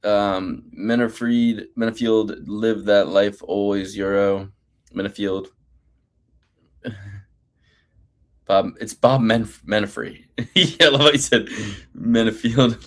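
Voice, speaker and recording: A man's voice: on the low side, fairly even intonation, slow pace, pauses often. Swearing, joking podcast co-host man. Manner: swears freely, does mocking impressions. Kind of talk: casual sports betting chat.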